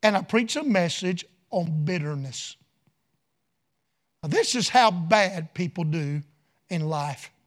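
A middle-aged man preaching a revival sermon full of stories, folksy and rising from quiet asides to loud shouted peaks. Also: high-pitched, animated, slow, pauses often.

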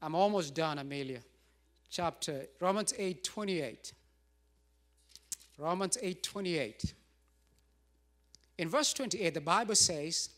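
A man's voice: fairly high pitch, animated, slow, long pauses, fairly bright tone. A middle-aged man pastor preaching a sermon, emphatic and repetitive, with rising bursts.

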